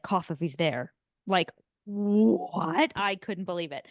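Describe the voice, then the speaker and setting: A woman co-hosting a casual film podcast, chatting with quick reactions and questions. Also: lowish voice, animated, no room sound, clean studio sound. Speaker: podcast co-host.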